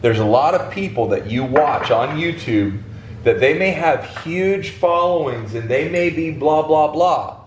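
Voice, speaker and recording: A man's voice: on the high side, animated, a little slow, a little hiss or hum. A man, talking casually and emphatically to viewers while cooking at home. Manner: emphatic, folksy, talks straight to viewers. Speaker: fishing channel host cooking for a guest. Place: home kitchen, indoors. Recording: echoey kitchen. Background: food sizzling in a pan.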